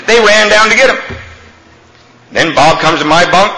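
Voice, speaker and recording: A man speaking at a recovery meeting, telling a humorous story in an animated, comic way. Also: fairly high pitch, fast talker, background noise. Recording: echoey hall, faint ambience.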